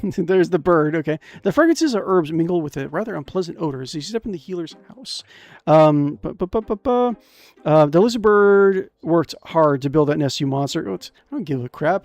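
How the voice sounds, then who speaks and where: High-voiced excitable young gamer. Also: male voice, moderate pace, no echo, faint music behind. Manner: excitable, jokey, reads game text aloud with crude asides. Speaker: streamer. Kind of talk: casual gameplay commentary.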